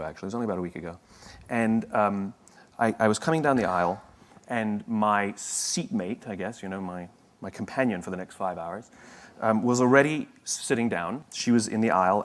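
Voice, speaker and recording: A man giving a motivational talk, telling a story in a conversational, wry way with asides and self-corrections. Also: lowish voice. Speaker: motivational speaker.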